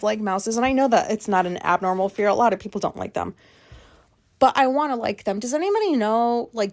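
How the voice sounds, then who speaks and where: Solo podcast host, middle-aged woman, higher-pitched, rambling, self-doubting, swears casually.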